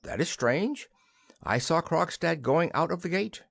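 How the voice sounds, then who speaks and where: Patronizing husband, read by a man, scolding, lively pitch, dry sound. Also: unhurried, vocal fry, breathy edge, dry recording, exaggerated voice. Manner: scolding, condescending. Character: patronizing middle-aged husband, bank manager.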